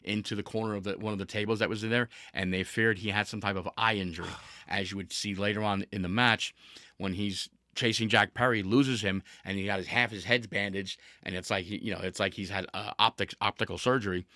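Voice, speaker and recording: A man's voice: on the low side, steady tone, brisk, sharp tone, no echo, studio quality. A man hosting a casual podcast, telling a story with energy, with laughs and restarts along the way. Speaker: podcast host.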